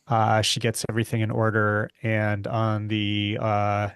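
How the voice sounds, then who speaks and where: A man playing a tabletop crime game, who pitches ideas tentatively with many fillers. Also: completely flat delivery, unhurried, a bit bright, clear, resonant tone, dry recording, clean studio sound. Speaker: player. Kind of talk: tabletop role-play chat.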